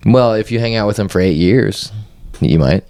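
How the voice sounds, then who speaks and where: A man's voice: fairly low pitch, animated, moderate pace, a little mellow. A man co-hosting a podcast in casual chat, hesitant and restarting his sentences, laughing easily. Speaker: podcast host.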